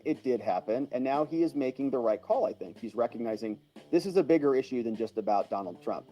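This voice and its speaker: Over dull audio, a man's warm, mid-range voice comes through as he hosts a casual livestream. He's chatty and chuckles while thanking viewers by name and responding to comments.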